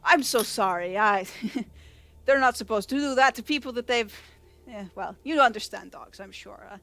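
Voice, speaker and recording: Polite fussing king in a tabletop game, somewhat high voice, faint music underneath, a woman plays him. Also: moderate pace, a bit bright, no room sound. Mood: apologetic. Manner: polite, fussing, over-apologizing. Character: apologetic, flustered male king.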